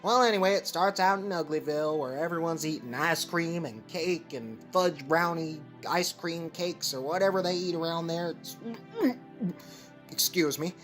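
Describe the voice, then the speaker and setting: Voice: mid-range voice, moderate pace, faint music behind, close to an everyday voice. A performer voicing a dry, sarcastic male clay-animation figure who reviews movies. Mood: calm. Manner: deadpan, sarcastic.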